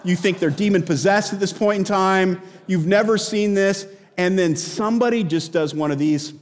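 Animated high-voiced pastor in a big reverberant hall. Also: male voice, moderate pace. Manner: storytelling, conversational, animated. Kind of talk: sermon.

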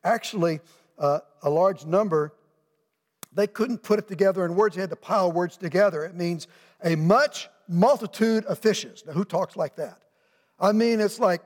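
At a moderate pace, a middle-aged pastor with a fairly high voice gives a sermon from the pulpit, lively in manner and slipping into the voices of people he describes. A long church-sanctuary reverb surrounds the sound.

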